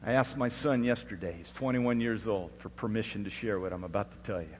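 A man's voice: lowish voice, fairly quick. Middle-aged man preaching in a hall. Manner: storytelling, swings from hushed to loud and emphatic. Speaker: pastor. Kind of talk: sermon. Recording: echoey hall with faint hum.

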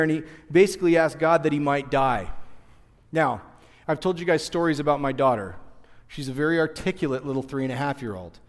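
Guy in his 30s giving a sermon, kinda high voice, loose storytelling vibe, long hall echo. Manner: conversational, animated storytelling with asides to the audience. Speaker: pastor.

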